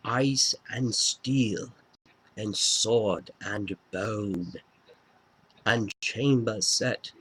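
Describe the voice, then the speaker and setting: A man doing an impression of a grandiose male metal frontman, reciting dark verse in a slow, drawn-out, dramatic way. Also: on the low side, slight background noise, rough recording. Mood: ominous.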